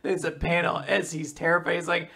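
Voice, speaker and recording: High, gravelly-edged joking man. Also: little pitch movement, brisk, sharp tone. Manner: jokey interjections, mock outrage. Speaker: podcast co-host. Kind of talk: casual manga recap chat.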